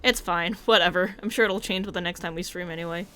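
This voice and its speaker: Bright, playful woman streamer. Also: fairly low pitch, fairly even intonation, quick pace, hardly any pauses. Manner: playful, giggly asides. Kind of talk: casual game stream commentary.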